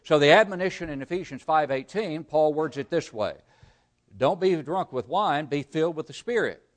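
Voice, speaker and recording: Man preaching, swinging from loud to hushed. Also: a little high, animated, moderate pace. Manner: rises loud for emphasis, then drops to a near-murmur; asks the congregation rhetorical questions. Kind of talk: sermon.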